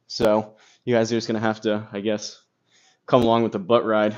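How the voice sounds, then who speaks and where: A man's voice: on the low side, completely flat delivery, brisk, a little mellow. Rambling man live-streaming golf from his phone. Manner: rambling, lots of fillers, reads chat aloud. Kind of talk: casual live-stream chat. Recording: slightly dull phone audio with crackle.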